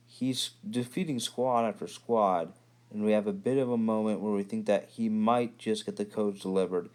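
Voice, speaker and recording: A man's voice: fairly low pitch, darkish tone. A man earnestly narrating his own rewrite of a story scene by scene. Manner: earnest, fast storytelling with sudden emphasis. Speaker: fan storyteller.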